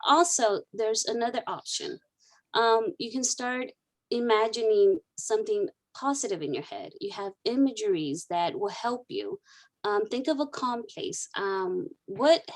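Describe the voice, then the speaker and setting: A woman counselor guiding a client through a therapy exercise, repeating key phrases as she coaches. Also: on the high side. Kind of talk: counseling session role-play.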